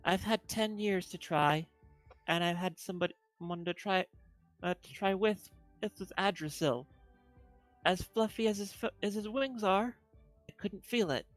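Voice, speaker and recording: A woman voicing a cursed young adventurer who cannot feel anything, quiet and resigned. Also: mid-range voice, moderate pace, faint music behind, natural voice.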